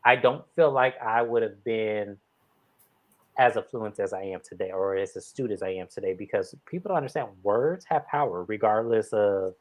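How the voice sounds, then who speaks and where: A man's voice: fairly low pitch, moderate pace, poor audio. Emphatic man recapping a reality show. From San Francisco Bay Area. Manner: emphatic, repeats phrases for emphasis. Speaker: regular guest on a TV recap show. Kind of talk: casual recap discussion.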